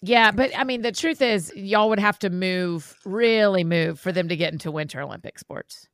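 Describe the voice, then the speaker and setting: A woman's voice: medium pitch, normal speed, no room sound, studio quality. A woman co-hosting a podcast in casual, enthusiastic chat. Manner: enthusiastic, laughs easily. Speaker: podcast co-host.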